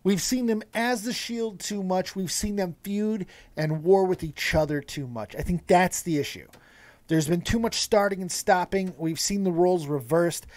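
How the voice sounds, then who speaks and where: A man hosting a casual wrestling review show, talking in an animated, profane way with laughing asides and frequent swearing. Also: sits high, moderate pace, no room sound.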